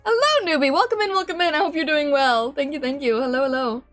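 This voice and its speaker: A woman's voice: sits high, fast talker, a bit bright, soft background music. A woman streamer chatting casually with her live chat, bubbly and giggly, greeting viewers by name from a home desk mic. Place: home streaming room with a fan. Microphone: desk mic with noise filter.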